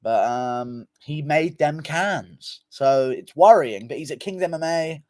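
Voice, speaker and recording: A man's voice: a little high, lively intonation, slow pace, a little mellow, dry recording. Offhand, swearing man in a dry room. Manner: profane, loose and offhand. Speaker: livestream host. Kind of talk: casual chat reading viewer comments.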